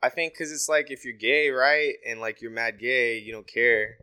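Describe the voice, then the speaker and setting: A man's voice: medium pitch, flat delivery, moderate pace, bright, forceful tone, smooth. A man co-hosting a podcast in loose, crude banter, calling people "bro" and "dog" and swearing casually. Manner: laid-back, swears, says "bro" and "dog" a lot. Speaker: podcast co-host.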